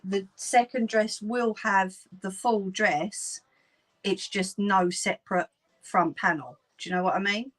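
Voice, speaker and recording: A woman with a Cockney accent chats to her viewers in an unhurried way while she sews. She laughs often and keeps the talk loose and friendly. Her pitch sits in an ordinary middle range. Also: fairly bright tone, rough recording. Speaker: sewing livestream host. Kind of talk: casual live sewing chat.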